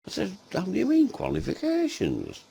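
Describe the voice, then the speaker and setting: Older man, gravelly and very animated, telling a foul-mouthed comic anecdote and doing all the voices himself. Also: sits high, normal speed. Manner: swears constantly, acts out both sides of dialogue, laughs often.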